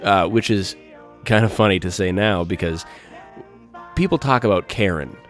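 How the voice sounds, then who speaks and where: A man's voice: sits low, normal speed. A man hosting a solo music podcast, talking enthusiastically and in superlatives. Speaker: podcast host.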